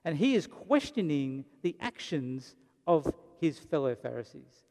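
A man preaches a sermon with a dramatic storyteller's delivery and briefly acts out the voices of the people in the story. His voice sits a little high for a man. The sound carries the long reverb of a large hall. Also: very animated, a little slow, darkish tone. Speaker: pastor.

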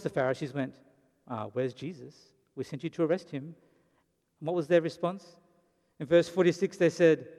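A pastor delivers a sermon like a dramatic storyteller, briefly voicing the people in the story. His voice is a little high for a man and somewhat dark in tone, with the long reverb of a large hall around it.

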